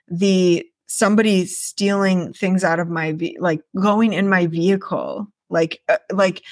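Woman podcaster, lowish voice, rambling and animated, swears, dry close recording. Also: no echo. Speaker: podcast host. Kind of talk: casual storytelling monologue.

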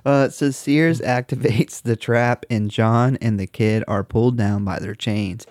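A man's voice: mid-range voice, fairly even intonation, measured pace, darkish tone, dry recording, studio quality. A man co-hosting a casual horror movie podcast, recapping the plot with lots of swearing and laughter. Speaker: podcast co-host.

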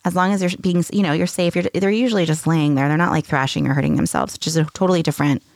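A woman's voice: low voice, lively intonation, racing, darkish tone, no echo, clean studio sound. A woman in her thirties, a podcast co-host, talking candidly and chattily about parenting, with some casual swearing. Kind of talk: casual chat.

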